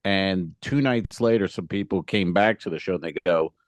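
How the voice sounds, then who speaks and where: A man's voice: deep voice, moderate pace, dry recording. A man who is a stand-up comedian, chatting casually on a podcast and animatedly retelling stories about hecklers. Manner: animated storytelling, acts out hecklers and himself on stage. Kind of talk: casual chat.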